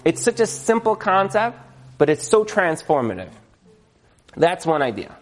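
A man giving a humorous religious lecture in front of an audience. He is animated, jokes, checks in with the listeners, and uses Jewish religious terms. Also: high voice, a little slow. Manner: animated, joking, asks the audience questions. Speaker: speaker giving a talk to an audience.

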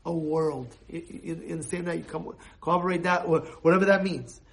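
Animated high-voiced man giving a sermon. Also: a little fast, creaky. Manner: animated, jumps into shouted quoted voices, many restarts. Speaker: rabbi giving a talk. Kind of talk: informal sermon with acted examples.

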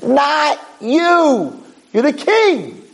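A man's voice: mid-range voice, animated, brisk, gravelly, mellow, slight background noise, poor audio. A man voicing panicked royal advisors who scold their young king. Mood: exasperated. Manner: exasperated, scolding.

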